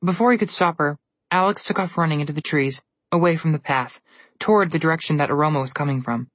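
A woman narrating a storybook in an even, measured reading. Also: sits low, dry recording.

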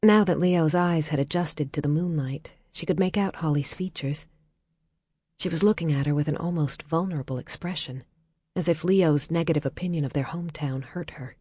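A woman reading a novel aloud as audiobook narrator in a calm, measured way, dropping soft in tender passages. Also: low-pitched, breathy edge, no echo. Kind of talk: scripted narration.

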